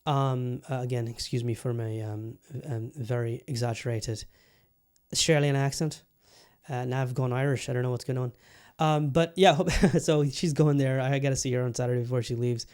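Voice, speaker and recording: A man hosting a solo podcast in an easygoing, rambling way. His voice sits at an ordinary middle pitch, full of fillers and casual swearing. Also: steady tone, moderate pace, darkish tone, clean tone. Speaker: podcast host.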